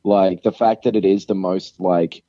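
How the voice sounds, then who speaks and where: A man playing a deadpan prank caller who poses as a famous game creator, talking in a halting, hesitant way. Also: low-pitched, dry recording, muffled recording, natural voice.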